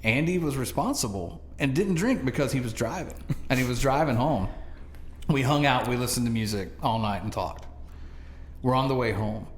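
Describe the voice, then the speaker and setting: A man co-hosting a podcast, telling a story in casual chat with animated delivery and frequent laughter. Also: medium pitch, moderate pace. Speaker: podcast co-host. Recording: echoey room, faint noise.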